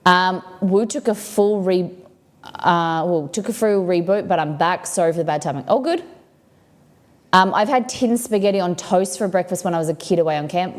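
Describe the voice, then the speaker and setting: With a fairly low, slightly mellow voice, an Australian woman runs a relaxed cooking stream in her own kitchen. She chats in a wandering way and responds to comments from viewers.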